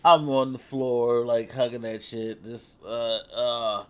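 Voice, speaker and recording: Young male vlogger, loose profane storyteller who laughs at himself, average pitch. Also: steady tone, slow pace, clean tone. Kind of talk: casual storytelling.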